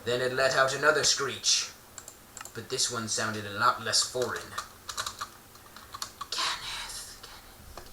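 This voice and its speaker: A man's voice: medium pitch, moderate pace, pushed and bright, slight background noise. A man telling an improvised story in a playful, rambling way, often correcting himself mid-sentence. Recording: roomy echo, distant mic.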